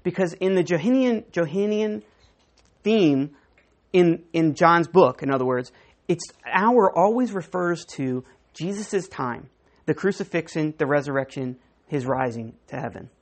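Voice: mid-range voice, measured pace. Preacher teaching scripture, voice bounces up and down a lot, acts out the lines. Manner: animated Bible teaching, acting out quoted dialogue. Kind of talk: sermon.

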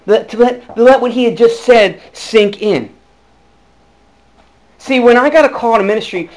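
A male pastor preaching a sermon, telling his own calling story with lively swings between hushed and loud delivery and frequent restarts. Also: very high-pitched. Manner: frequent restarts and repeated words. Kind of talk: sermon with personal testimony.

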